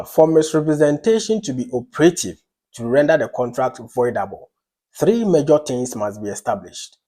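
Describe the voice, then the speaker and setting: A man's voice: mid-range voice, a little mellow, breathy edge. A man giving a recorded law lecture, explaining points with emphasis and working through examples step by step.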